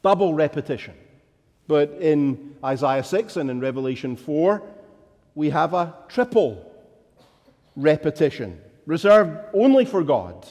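A man preaching a sermon as a pastor, deliberate and building to emphatic declarations. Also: on the high side, very animated, a little mellow, long reverb tail.

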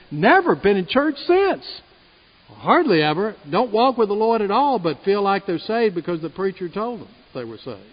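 A man preaching a sermon as pastor, earnest and rising loud on his key points. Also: high voice, breathy edge. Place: church sanctuary. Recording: reverberant church hall, muffled sound.

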